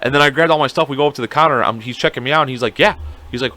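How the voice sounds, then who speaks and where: A man's voice: mid-range voice, very fast, sharp tone, no room sound. A young man telling a rambling, profane story in a casual podcast chat, quoting the people in it. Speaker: podcast co-host.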